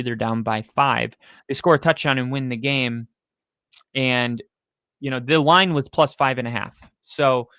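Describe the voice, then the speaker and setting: A man hosting a live football reaction stream. He talks through the games casually and gets excitable, swearing and shouting when big plays happen. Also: mid-range voice, dry recording. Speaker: livestream host.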